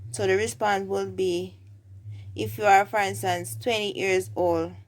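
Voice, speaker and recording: A woman's voice: mid-range voice, steady tone, unhurried. A woman with a Jamaican accent teaching everyday phrases, saying each example twice. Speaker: language teacher.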